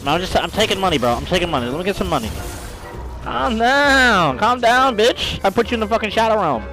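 A man's voice: sits high, expressive, very fast, a bit bright, soft background music, low-quality recording. A man streaming a video game, giving casual commentary in a brash, profane, trash-talking way.

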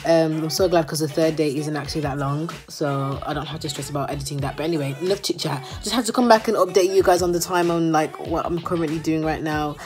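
A woman's voice: low-pitched, steady tone, quick pace, few pauses, darkish tone, soft background music. A young woman chatting casually to her phone camera in her bedroom, giggling often and drawing out her exclamations. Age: young adult. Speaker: vlogger. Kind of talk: casual vlog chat.

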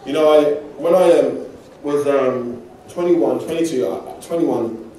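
A man from England preaches to a congregation, telling personal stories with self-deprecating humor in a loose, conversational way. His voice sits a little high but mellow and dark. He is recorded from a distance, so the church hall echoes around him. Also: a little slow, a little hiss or hum. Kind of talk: sermon.

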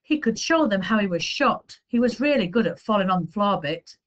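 A woman reading a children's chapter book aloud with expressive storytelling. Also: mid-range voice, fairly quick, lo-fi sound. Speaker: story reader.

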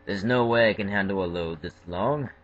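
A man's voice: lowish voice, moderate pace, dull audio, close to an everyday voice. Man doing a grumbling old steam engine. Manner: grumbling, stubborn. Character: grumpy old male steam tank engine.

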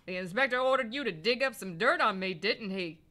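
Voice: medium pitch, lively intonation, brisk, sharp tone. A player voicing a hot-tempered male falcon lawyer who snaps back indignantly. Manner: indignant, snappy.

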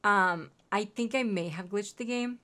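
A woman's voice: mid-range voice, a little slow, sharp tone. A young woman streaming a game, chatting casually and cooing at her in-game pets. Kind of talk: casual gameplay commentary.

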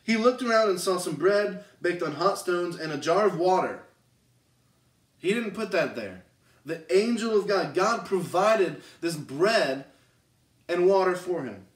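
A man's voice: high voice, expressive, measured pace. A man giving a casual youth sermon, retelling scripture conversationally and checking in with listeners. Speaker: youth pastor. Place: church. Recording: roomy, distant mic.

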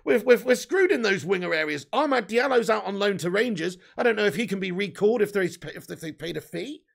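Gravelly, high-voiced English man chatting live. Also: animated, fast. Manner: chatty, reads viewer comments aloud, swears casually. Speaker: livestream host reading chat. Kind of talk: casual live chat.

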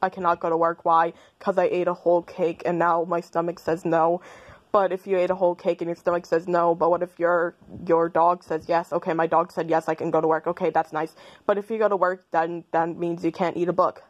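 A woman's voice: fairly low pitch, flat delivery, brisk, dull audio. A woman rambling through a playful, silly stream of consciousness, arguing back and forth with herself and giggling.

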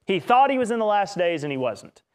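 A man with a slightly higher voice teaches a Bible study session in the manner of a preacher. He is animated and throws in joking asides and mock voices as he makes his point. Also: a little fast, smooth.

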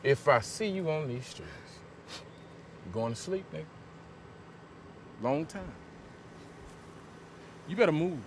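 A man's voice: on the high side, lively intonation, slow pace, long pauses. An actor playing a furious, profane father who threatens a man with a gun, recorded outdoors in the woods from a distance. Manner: profane, menacing, shouting bursts. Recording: distant mic with clear outdoor noise.

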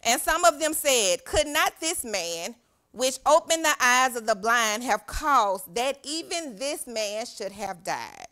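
Bright-voiced woman preaching a sermon. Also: fairly high pitch, takes it slowly. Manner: animated preaching with call-and-response. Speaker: youth pastor. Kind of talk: sermon reading scripture aloud. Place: church sanctuary.

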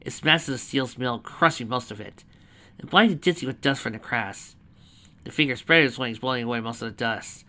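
A man's voice: mid-range voice, moderate pace, sharp tone. A man reading a fanfiction story aloud, adding chatty asides between the narration.

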